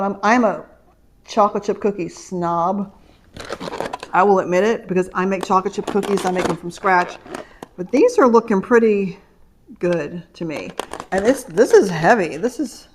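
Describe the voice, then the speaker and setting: Middle-aged lady rambling thru her shopping haul at home, chatty, mid pitch. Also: normal speed, a little hiss or hum. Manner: chatty, rambling storytelling with laughs. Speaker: vlogger. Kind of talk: casual haul vlog chat. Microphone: camera mic.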